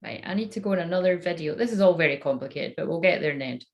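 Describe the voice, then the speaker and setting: A woman with a lowish voice chatting casually on a live stream as a psychic reader. She talks in a loose, self-mocking way, drops swear words freely, and slips into quiet muttering and whispers to herself between remarks. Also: lively intonation, rapid-fire. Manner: mutters and whispers to herself while fiddling with the phone.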